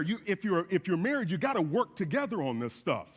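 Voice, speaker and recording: A man's voice: high voice, fairly quick, husky. Man preaching in an echoey hall. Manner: animated storytelling with folksy asides. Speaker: guest speaker. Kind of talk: sermon. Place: church sanctuary.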